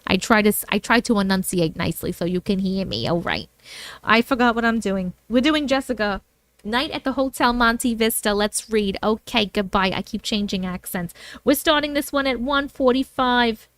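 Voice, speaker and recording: A woman's voice: mid-range voice, lively intonation, normal speed, fairly bright tone, no echo. A woman with a Long Island New York accent, hosting a livestream and chatting in a bubbly way, thanking viewers by name. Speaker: livestream host and story reader. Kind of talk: casual livestream chat with viewers.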